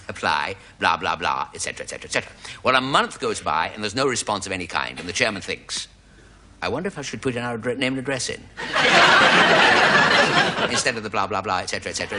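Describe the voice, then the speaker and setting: A man delivers a long stand-up joke in a wildly swooping voice, wandering off into digressions and slipping into little comic voices along the way. Loud laughter and noise from a studio audience fill the background. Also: on the low side. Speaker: comedian.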